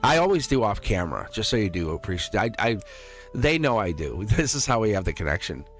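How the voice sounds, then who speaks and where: A man's voice: lowish voice, very animated, fairly quick, a bit bright, soft background music. A middle-aged man hosting a live tarot stream, rambling in a casual, chatty way and laughing often. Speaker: tarot reader and livestream host. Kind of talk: casual livestream chat.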